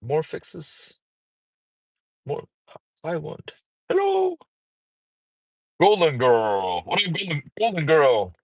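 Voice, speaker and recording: Man, casual livestream chat, rambling, swearing, lively pitch, dry close phone sound. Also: slow pace, vocal fry, long pauses, dry recording. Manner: rambling, playful, swears freely, sudden singing and high-pitched bits. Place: outdoors at a mall parking area.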